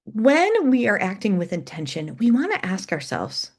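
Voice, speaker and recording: A middle-aged woman presents an educational webinar in a warm coaching tone, reading the chat aloud and demonstrating how emphasis changes meaning. Her mid-range voice swoops wildly in pitch at a moderate pace.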